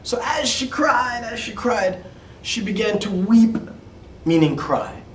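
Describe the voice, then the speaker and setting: A man telling a fairy tale as an English lesson, slowly explaining and repeating words, dropping to near-whispers for asides. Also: high voice, animated, a little hiss or hum. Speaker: English teacher. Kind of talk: storytelling lesson for English learners. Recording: echoey room, mic at a distance.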